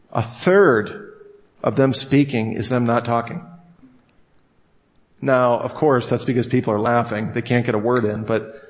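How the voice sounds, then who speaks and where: A man teaching a class on how to preach, talking casually, joking and acting out quotes. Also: mid-range voice. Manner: casual, jokey, acts out quotes with laughs. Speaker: Bible teacher. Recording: long hall reverb.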